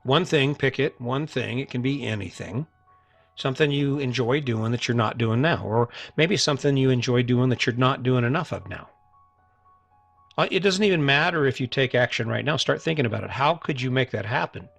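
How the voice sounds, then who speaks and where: A middle-aged podcast host gives a motivational monologue by himself, speaking earnestly and casually while repeating himself and often restarting his sentences. His medium-pitched voice is gravelly and a bit bright, at normal speed, with soft music in the background.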